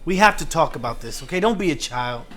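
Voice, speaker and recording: An actor playing a defensive, dismissive ex-husband. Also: male voice, a little high, lively intonation, fast talker, sharp tone. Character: defensive ex-husband moving back, man, 30s.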